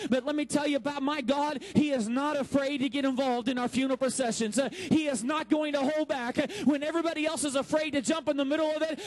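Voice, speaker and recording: A man in his thirties preaches a sermon from the pulpit in a very high voice. He builds his points with dramatic pauses and acts out the quotes he tells. A mains hum runs faintly under the recording. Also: darkish tone, rough recording. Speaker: pastor.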